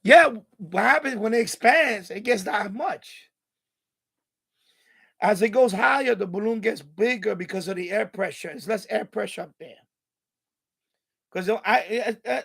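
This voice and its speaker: Male live-streamer, exasperated and profane, very high pitch, casual rant. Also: lively intonation, moderate pace, creaky, a bit bright, slightly rough. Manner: exasperated, swears freely. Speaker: radio hobbyist live-streamer. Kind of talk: ranting live-stream chat.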